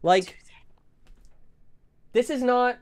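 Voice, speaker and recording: A YouTuber reacts to a game trailer in a profane rant, swearing constantly and swinging between hype and exasperation. The voice is mid-range and very slow, with slight background noise.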